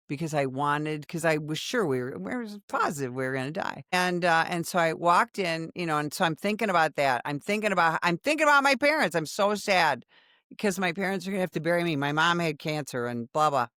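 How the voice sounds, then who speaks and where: Ex cop lady in her 60s telling war stories, lively and dramatic, dry close mic. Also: lowish voice, no room sound. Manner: animated, dramatic retelling with quoted voices. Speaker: former undercover police officer. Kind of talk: storytelling in a podcast conversation.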